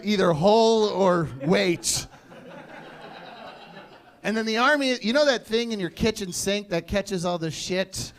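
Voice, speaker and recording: A man from Maine in his thirties doing a crude, self-deprecating stand-up set on a stage, telling stories and shouting short impressions. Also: sits high. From Maine, USA. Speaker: stand-up comedian. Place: comedy stage before a laughing audience.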